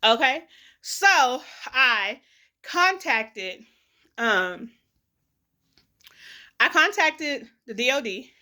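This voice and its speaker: Bright, blunt woman vlogger. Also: sits high, extremely slow, pauses often. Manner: blunt and animated, swears freely, addresses viewers directly. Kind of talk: emotional casual monologue to camera.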